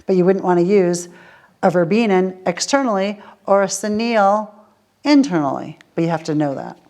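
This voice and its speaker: Teaching a group class on essential oils, this woman speaks at a moderate pace in a mid-range, darkish voice. The session is a casual Q&A where she uses everyday examples and asks rhetorical questions.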